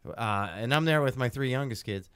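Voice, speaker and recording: A man co-hosting a podcast, telling a story in casual, profane chat that swings from loud outbursts to low asides. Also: normal speed, clean tone, no room sound. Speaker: podcast co-host. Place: podcast studio.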